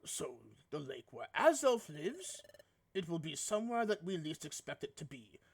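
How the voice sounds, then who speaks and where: Woman doing a low british ghost guy from a game, slow and grave, very formal. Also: very animated, slightly rough, exaggerated voice. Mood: solemn. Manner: slow, solemn explaining. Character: deep-voiced male ghost creature, grave and formal.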